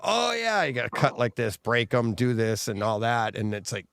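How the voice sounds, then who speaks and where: A man's voice: mid-range voice, expressive, moderate pace, creaky, a bit bright, smooth, no echo. A man co-hosting a podcast in casual chat, telling rambling stories and laughing often mid-sentence. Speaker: podcast co-host.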